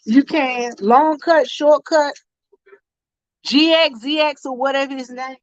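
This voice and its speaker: A woman telling an animated story on a live stream and greeting her chat viewers as she goes. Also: high-pitched, takes it slowly, dry recording, lo-fi sound. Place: convenience store.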